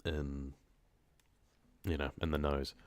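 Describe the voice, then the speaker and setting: A man's voice: very deep voice, flat delivery, slow, no echo. A man chatting casually on a live stream, reading comments, rambling and laughing often, with a congested, stuffy nose from a cold. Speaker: horror story narrator streaming live.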